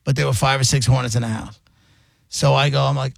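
A man's voice: medium pitch, level tone, quick pace, gravelly, no echo. A man co-hosting a radio show from a studio, telling stories in a joking, playfully boastful way. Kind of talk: casual studio banter.

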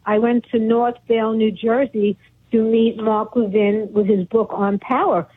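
A woman's voice: on the high side, flat delivery, measured pace, breathy edge. A woman with a Brooklyn accent calling in to a talk radio show, chatty and repeating her points. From Brooklyn, New York. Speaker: caller. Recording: tinny phone line.

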